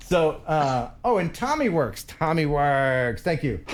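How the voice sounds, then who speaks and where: A man's voice: a little high, very animated, a little slow, slight background noise. A man hosting a casual live stream who laughs often and reads viewer messages aloud. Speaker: host.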